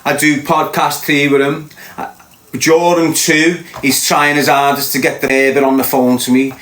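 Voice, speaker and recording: A man's voice: medium pitch, little pitch movement, normal speed, a bit bright, reverberant. A man with a Liverpool accent telling a heated, insistent story as a podcast host. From Liverpool, England. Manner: ranting, fired-up, insistent.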